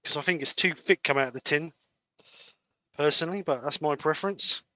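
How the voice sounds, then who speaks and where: A man talks through a woodturning demo in a plain, practical manner. His voice sounds bright and a little high, and the close mic adds almost no room sound. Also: fairly quick, no echo. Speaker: woodturner demonstrating. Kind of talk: livestream demo chat.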